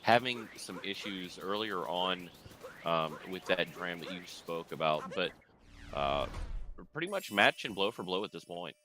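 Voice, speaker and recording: A man's voice: low voice, lively intonation, a little slow. A man co-commentating a speedrun race in a laid-back, hesitant way with many ums and uhs. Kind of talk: live game commentary.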